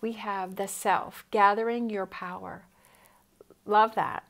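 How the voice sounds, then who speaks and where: Earnest woman giving a flat, steady tarot reading. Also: medium pitch, takes it slowly. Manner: earnest, repetitive encouragement. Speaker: tarot reader.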